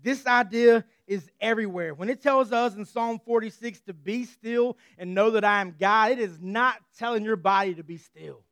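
High, clear-voiced male preacher. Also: moderate pace, hardly any pauses, a bit bright, no room sound. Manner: earnest and conversational, with light humor. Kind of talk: sermon.

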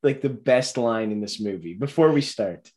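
A man's voice: fairly low pitch, lively intonation, normal speed, darkish tone. A man co-hosting a casual movie podcast, rambling with lots of fillers and restarts. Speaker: podcast co-host.

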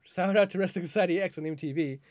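Male podcast co-host, somewhat high voice, dry close sound, rambling profane rants full of restarts. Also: quick pace, a little mellow, no echo. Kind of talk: casual podcast chat.

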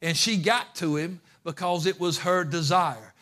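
A man pastor preaching a fervent sermon, moving from quiet asides to shouting. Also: high voice, a little slow, hardly any pauses. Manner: fervent, swings from hushed to shouting.

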